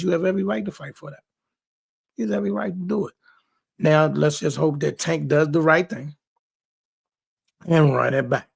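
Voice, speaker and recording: A man's voice: mid-range voice, gravelly. A man hosting a sports talk show, giving emphatic casual commentary on boxing and repeating himself for stress. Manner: emphatic, repeats phrases, talks straight to people. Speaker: sports podcast host.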